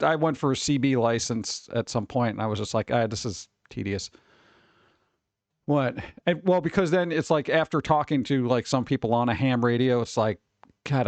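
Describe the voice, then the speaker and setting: A man's voice: medium pitch, no echo. A man hosting a casual live stream, chatting with viewers and making wisecracking, sarcastic asides. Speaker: streamer host.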